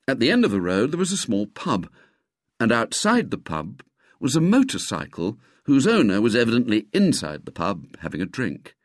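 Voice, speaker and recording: A man reading a children's story aloud with expressive, lively narration. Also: medium pitch, moderate pace, no room sound, clean studio sound.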